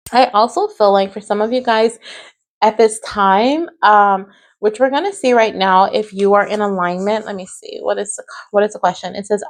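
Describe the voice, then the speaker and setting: A woman giving a pick-a-card tarot reading to viewers, talking in a gentle, reassuring way and often checking in with "right?" and "okay?". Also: mid-range voice.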